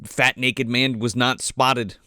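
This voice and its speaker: A man's voice: mid-range voice, little pitch movement, takes it slowly, bright, forceful tone, smooth, no room sound, studio quality. A man co-hosting a podcast in casual chat, laid-back and profane, often laughing as he talks. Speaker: podcast co-host.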